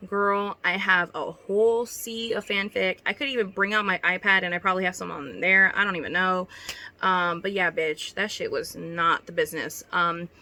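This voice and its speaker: A woman's voice: lowish voice, steady tone, normal speed, bright, forceful tone. A young woman reading her old writing aloud and commenting on it, giggling, swearing and mocking herself. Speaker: YouTuber.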